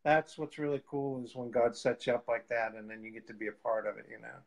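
Brief: male guest evangelist, casual storytelling, mid pitch, acts out the quotes. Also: quick pace, gravelly, low-quality recording. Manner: lively storyteller, laughs often, acts out quotes.

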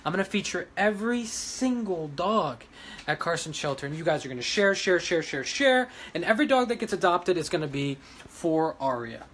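A man who runs a dog rescue, ranting emotionally to his followers, pleading one moment and shouting defiance the next. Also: a little high, animated, normal speed, husky. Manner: agitated, pleading, swings between quiet and loud. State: emotional after crying. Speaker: vlogger running a dog rescue.

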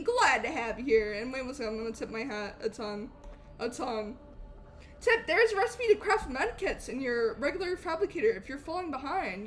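A young woman streaming a game live, chatting with viewers in a bubbly, animated way and eagerly thanking them. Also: high voice, moderate pace. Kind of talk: live gameplay stream chat.

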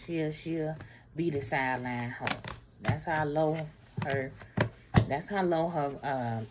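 A woman giving a casual tarot reading, talking bluntly and explicitly, swinging between loud bursts and low murmurs. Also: slight background noise. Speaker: tarot reader.

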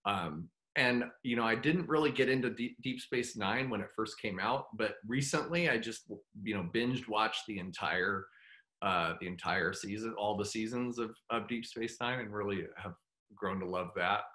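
Bright-voiced middle-aged man, halting. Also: fairly low pitch. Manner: halting, full of fillers and restarts; heartfelt, open about his feelings. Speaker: guest actor. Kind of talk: casual interview chat.

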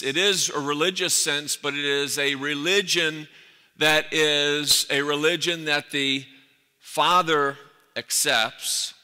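A man's voice: on the high side, fairly even intonation, slow, sharp tone, smooth. Man, pastor, sermon, earnest repeated emphasis, long church reverb. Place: church sanctuary. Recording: echoey church hall.

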